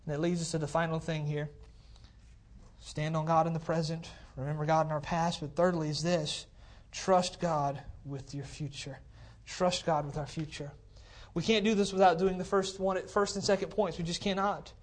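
A man preaching to his congregation in a relaxed, talky way, repeating key phrases to drive them home. He speaks into a cordless mic in a church and keeps checking in with his listeners. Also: fairly high pitch, moderate pace. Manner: conversational preaching, checks in with "okay? all right?". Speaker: pastor. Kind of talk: sermon. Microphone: cordless handheld mic.

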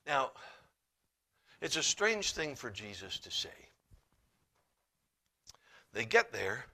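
A man preaching a sermon, reading scripture in old-fashioned wording and swinging between hushed, quiet passages and loud, emphatic ones. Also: mid-range voice, very animated, takes it slowly. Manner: reads scripture in King James wording.

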